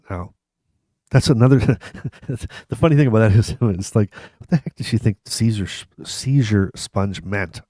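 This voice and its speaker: A man in his fifties hosts his own vlog, telling jokes on himself in loose, meandering stories. His voice sits a little low, and he keeps breaking into chuckles and restarting sentences. The sound is dry and close, with no room around it. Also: normal speed, long pauses, warm tone, no echo. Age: 50s. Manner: rambling, chuckling, self-mocking, many restarts. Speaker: vlog host. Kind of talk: casual humorous storytelling to camera.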